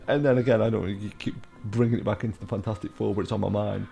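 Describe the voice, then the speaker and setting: A man's voice: fairly low pitch, steady tone, fast talker, vocal fry, hardly any pauses, warm tone, soft background music. A middle-aged British man giving a casual solo film commentary, rambling with lots of fillers and asides. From United Kingdom.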